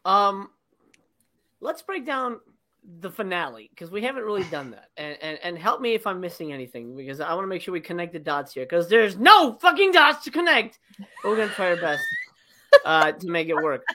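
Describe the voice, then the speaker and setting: A woman's voice: on the low side, sing-song, moderate pace, sharp tone. Exasperated profane woman ranting. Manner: exasperated, profane, acts out scenes in mocking voices. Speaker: podcast co-host reviewing a movie. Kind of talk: casual podcast chat.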